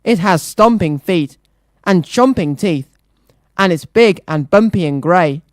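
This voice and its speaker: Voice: mid-range voice, expressive, unhurried, no room sound, studio quality, natural voice. A reader doing panicked, panting townsfolk. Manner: panting, gasping, breathless. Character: panicked crowd of farmers and townsfolk.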